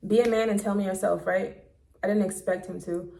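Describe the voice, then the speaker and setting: A woman vlogger talks straight into her phone, recounting a personal story in a loose, casual monologue. She is candid and blunt and swears freely. Her voice sits at an ordinary pitch for a woman. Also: fairly even intonation, brisk, creaky, dark tone.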